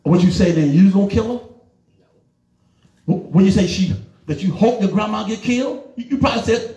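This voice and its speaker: A middle-aged man preaching a sermon in church, animated and emphatic, swinging from loud urging to low asides. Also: brisk, echoey room. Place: church hall.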